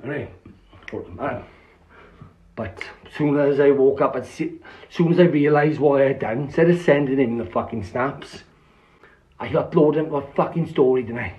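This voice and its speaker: A man's voice: mid-range voice, moderate pace, a little mellow, low-quality recording. Swearing, rambling man. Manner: swears constantly, rambling with restarts. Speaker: social media storyteller. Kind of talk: rambling casual storytelling.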